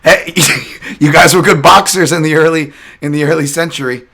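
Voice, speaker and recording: A man's voice: on the high side, steady tone, normal speed, vocal fry, pushed and bright. A man hosting a casual podcast, telling stories in a rambling way with frequent laughs. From Chinese heritage. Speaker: podcast host.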